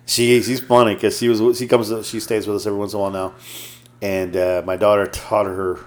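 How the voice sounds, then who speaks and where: A man's voice: lowish voice, brisk. A man in his fifties, co-hosting a podcast in casual chat, profane and joking, telling stories and laughing often. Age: 50s. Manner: storytelling, lively delivery. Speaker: podcast co-host.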